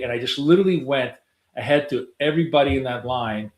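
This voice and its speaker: A middle-aged day trader streams live from his desk, talking fast through his trades. His ordinary-pitched voice echoes in a roomy space as he rambles loosely, swears casually, and drifts off into filler words.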